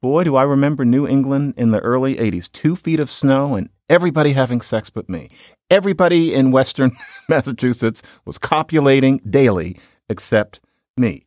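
A man's voice: mid-range voice, moderate pace, dry recording, clean studio sound. A middle-aged man hosting a podcast, giving a casual lecture on speech with wry asides. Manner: chatty, wry asides, lively intonation. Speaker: podcast host, linguist. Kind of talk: casual lecture with audio clips.

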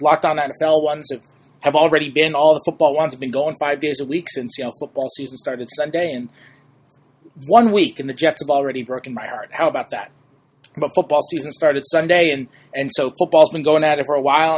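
A young man from New York hosts a casual sports podcast with a husky, slightly raised voice. He talks in a chatty, upbeat way, tossing in self-deprecating asides. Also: on the high side. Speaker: podcast host.

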